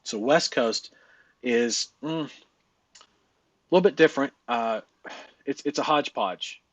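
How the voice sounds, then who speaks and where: A man's voice: medium pitch, measured pace, no room sound. A man coaching in a casual, blunt way. He swears a lot, laughs often and uses many fillers. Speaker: live-stream business coach.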